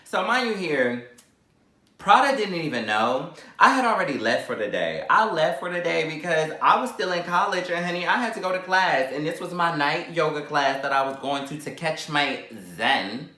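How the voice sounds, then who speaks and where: A man in his twenties telling a dramatic story in a sassy, animated way, acting out the quotes. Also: fairly high pitch, moderate pace, roomy sound. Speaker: vlogger. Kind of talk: storytime while eating.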